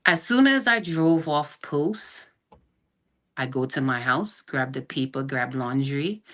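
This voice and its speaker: A middle-aged woman with a strikingly low, dark-toned voice recounts a hard chapter of her life as a podcast guest over a video call. She acts out each person's words as she goes and often restarts her sentences. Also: slow. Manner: animated retelling that acts out quoted dialogue, with frequent restarts. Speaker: guest, army sergeant. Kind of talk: personal storytelling in a podcast interview.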